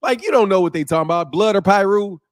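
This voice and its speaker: A man with a high voice hosts a boxing livestream and chats casually with his viewers. He is from Chicago and talks in loose, slang-heavy bursts. He laughs a lot and mimics the greetings of different cities. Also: animated, fast talker. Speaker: boxing channel host.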